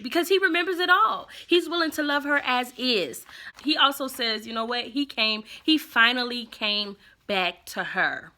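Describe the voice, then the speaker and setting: Bright-voiced woman recapping a soap. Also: a little high. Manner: chatty, opinionated, acts out characters' lines. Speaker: soap opera reviewer. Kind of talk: casual episode recap and commentary.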